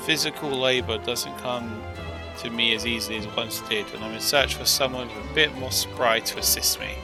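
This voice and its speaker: A man's voice: medium pitch, steady tone, moderate pace, music in the background, close to an everyday voice. A man doing a frail old male researcher. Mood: pleading. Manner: courteous, old-fashioned phrasing.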